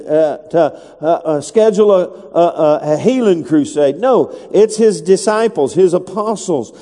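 A man's voice: high voice, lively intonation, measured pace, few pauses, dark tone. A man preaching a sermon, reading scripture aloud in a conversational way and rising to emphatic calls to the congregation. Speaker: pastor. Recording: long reverb of a church hall.

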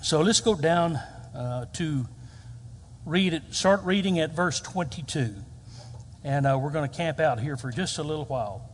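A man's voice: moderate pace, a little hiss or hum. A man, preaching a storytelling sermon and acting out quoted lines. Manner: storytelling, acts out quoted lines with big pitch jumps. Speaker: pastor. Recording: reverberant hall.

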